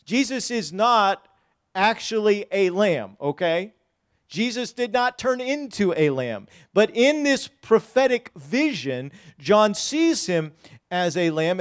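Preaching man, smooth clear voice. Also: high voice. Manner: swings from hushed asides to loud, drawn-out emphasis; folksy, addresses the congregation directly. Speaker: pastor. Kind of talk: sermon.

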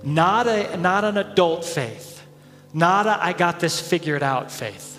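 A man preaching in a fairly high voice, animated, slipping into the voices of the people in his story. His words ring out with the long echo of a large hall. Soft music plays faintly beneath him. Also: takes it slowly. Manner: animated preaching, acts out crowd voices, chuckles often. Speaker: head pastor. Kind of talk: sermon.

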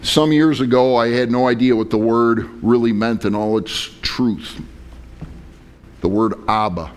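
A man's voice: medium pitch, fairly even intonation, measured pace, clean tone. A male pastor preaching a sermon and telling a personal story in a conversational, dramatic way.

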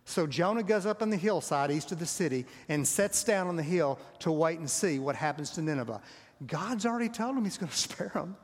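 Husky preacher in a reverberant hall. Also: male voice, fairly high pitch, expressive, fairly quick. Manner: storytelling, voices quoted lines, drops to a near whisper. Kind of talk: sermon. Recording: long reverb of a large hall.

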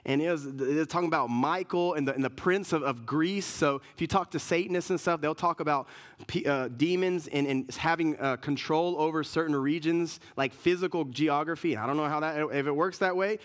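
A man's voice: a little high, a little fast. A male pastor preaching a sermon in an earnest, emphatic way, often repeating words and restarting his sentences.

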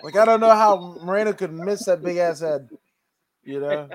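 A man with a fairly high voice joins as co-host of a combat-sports show. He talks loosely, cracks jokes and swears casually. His voice sounds dry, with no room echo. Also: moderate pace. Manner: loose, joking, profane asides. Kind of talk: casual joking chat.

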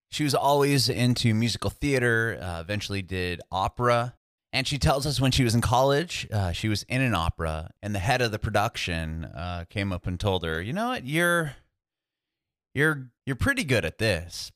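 A man's voice: fairly low pitch, a bit bright, no echo, studio quality. A man hosting a podcast over a video call, upbeat and laid-back, calling things awesome and rad. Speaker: podcast host.

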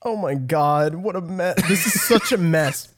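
A woman's voice: fairly low pitch, expressive, a little slow, background noise. A woman playing a tabletop game in a giggly, chatty way. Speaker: player. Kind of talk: casual tabletop play.

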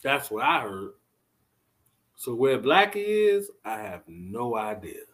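A man commentating casually on a live stream, blunt and animated, talking straight to his viewers and chat. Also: medium pitch, takes it slowly. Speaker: vlogger reacting to live chat.

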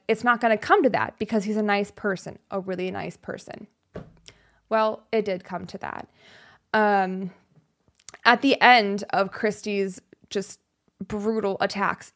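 Somber young woman telling a true crime story. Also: mid-range voice. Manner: somber, halting, with fillers and sighs. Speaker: podcast co-host.

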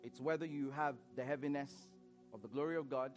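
A man preaching a sermon in church, animated, laughing often and repeating phrases as he questions the congregation. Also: mid-range voice, a little fast, soft background music.

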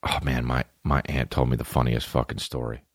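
A man's voice: a bass voice, little pitch movement, brisk, no echo, studio quality. A man hosting a podcast alone, telling rambling, profane comic stories. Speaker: podcast host. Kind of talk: comedic storytelling.

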